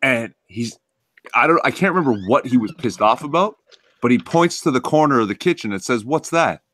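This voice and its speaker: A man's voice: mid-range voice, animated, fairly quick, a bit bright. A man chatting on a casual podcast in a laid-back, matter-of-fact way. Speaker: podcast co-host. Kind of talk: casual chat.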